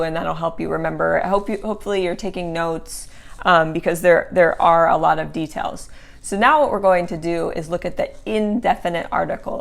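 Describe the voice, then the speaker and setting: A woman teaching a language lesson, patient and clear, repeating words slowly and checking in with "okay?" and "right?". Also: on the low side. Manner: casual tag questions like okay and right. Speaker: Italian teacher.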